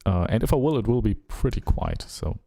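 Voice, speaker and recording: A man with a German accent chatting casually during a live music-production stream, musing and relaxed, humming rhythms and trailing off. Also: lowish voice, fairly quick, gravelly. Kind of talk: casual live-stream chat while working.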